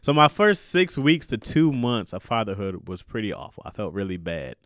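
A man's voice: on the low side, big pitch swings, normal speed, fairly bright tone, no echo, studio quality. A man, a new father and comedian, talking casually and animatedly, swearing and laughing often. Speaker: new father giving advice. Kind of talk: casual monologue.

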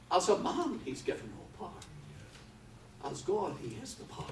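Guy preaching hard in a church, higher voice, roomy echo, mic kinda far off, noisy. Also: sing-song, a little slow, creaky, pauses often. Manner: fervent preaching, swinging from quiet to loud. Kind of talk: sermon. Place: church hall. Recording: echoey hall from far off with background noise.

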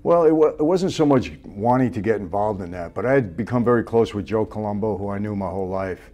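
An older man, a guest in an interview, telling stories from his past in a measured, plain-spoken way that often trails off softly. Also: lowish voice, expressive, lo-fi sound. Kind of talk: conversational storytelling.

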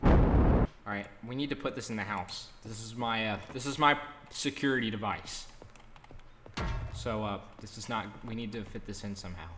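A young man giving casual, rambling gameplay commentary, cursing often and breaking into loud outbursts. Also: on the low side, moderate pace, pauses often, very noisy. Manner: rambling, swears a lot, bursts into loud outbursts. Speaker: gaming video host.

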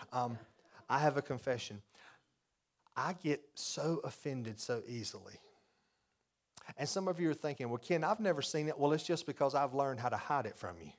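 A male pastor with a mid-range voice delivers a folksy, confessional sermon. It builds toward loud, repeated emphasis.

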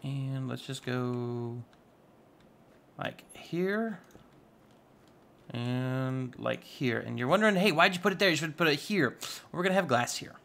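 Male gaming YouTuber, gravelly and mid-pitched, chatty with playful asides over gameplay. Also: animated, unhurried, pauses often, a bit bright, slight background noise. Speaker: Minecraft YouTuber. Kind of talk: casual gameplay commentary.

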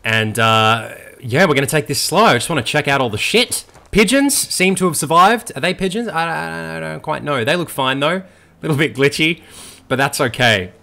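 A young Australian man commenting on a video game as he plays, excitable and jokey, swearing a lot. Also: fairly high pitch, moderate pace, vocal fry. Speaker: gaming channel host. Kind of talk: let's play commentary.

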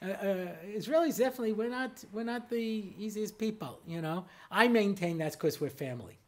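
A man's voice: sits high, fairly quick, a little mellow. A middle-aged American man, a rabbi giving a humorous lecture, telling anecdotes in a chatty way with constant "you know" asides. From United States.

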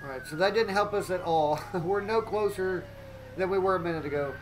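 Excitable high-voiced man streaming a game. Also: fairly quick, slight background noise, rough recording. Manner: excitable, keeps exclaiming and greeting chat. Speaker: gaming live streamer. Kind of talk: live gameplay commentary.

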